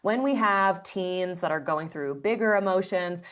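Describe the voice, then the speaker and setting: A woman's voice: lowish voice, measured pace, fairly bright tone. A woman guest on an interview podcast, explaining breathwork earnestly with frequent fillers. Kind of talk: conversational interview answer.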